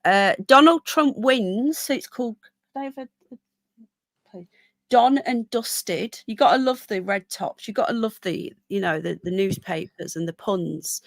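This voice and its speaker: A woman's voice: mid-range voice, normal speed, creaky, dry recording. A woman with a Birmingham accent, hosting a live stream in casual chat and reading out viewer comments. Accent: Birmingham English. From England. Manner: chatty, rambling, reads out viewer comments.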